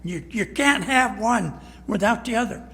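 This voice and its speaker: An older male pastor with a high-pitched, gravelly voice and a sharp tone gives a folksy, plain-spoken storytelling sermon, animatedly slipping into the voices of people in his stories. He keeps a measured pace, and the church sanctuary adds a long reverb.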